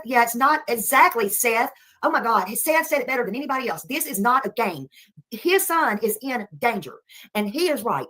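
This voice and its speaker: A woman's voice: sits high, sharp tone. A woman ranting on her livestream, repeating herself as she thanks viewers. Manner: heated, repetitive, thanking viewers between outbursts. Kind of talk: angry livestream rant.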